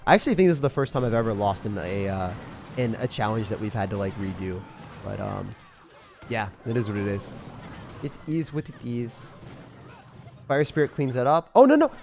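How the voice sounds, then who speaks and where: A man giving excited, self-mocking commentary over his own gameplay, full of gamer slang, swinging from hype to groans. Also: fairly low pitch, normal speed, gravelly, pauses often, noisy background. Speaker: gaming creator.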